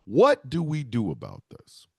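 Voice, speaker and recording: Male podcast host, gravelly and lively, rambles heartfelt off the cuff, dry close sound. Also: medium pitch, measured pace, no echo. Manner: rambling and heartfelt, with frequent restarts. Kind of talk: casual solo talk.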